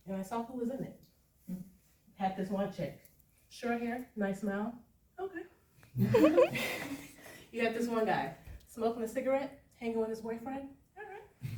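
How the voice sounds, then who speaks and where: A woman telling a spooky story on stage, her pitch swinging widely as she laughs her way through it. She is heard from a distance in an echoey room, with a faint hiss underneath. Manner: lively, laughing often, conversational. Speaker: performance poet. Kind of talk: live spoken-word storytelling. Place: stage at a live venue. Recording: echoey live room, far from mic.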